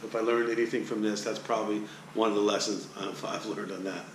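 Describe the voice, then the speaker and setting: A man who works as a sports announcer, telling a story to the camera in a chatty, animated vlog style. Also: on the low side, brisk, a little hiss or hum. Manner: animated, chatty, talks straight to the viewer.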